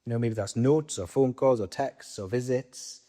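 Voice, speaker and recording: A man's voice: mid-range voice, moderate pace, dark tone. A man with a Welsh accent preaching a sermon in a conversational way, putting questions to the congregation and answering them himself.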